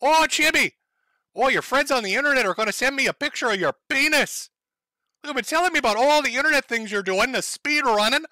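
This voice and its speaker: A man's voice: extremely high pitch, expressive, a little fast, pushed and bright, no room sound, voice pushed up, exaggerated voice. A man putting on a gushing, cooing mother's voice. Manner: cooing, sing-song and mocking. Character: gushing doting middle-aged mother.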